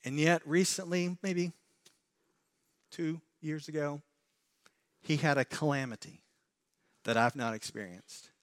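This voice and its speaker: Man, 40s, pastor, sermon, slightly high voice, passionate, loud pleading then quiet earnestness. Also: measured pace, long pauses.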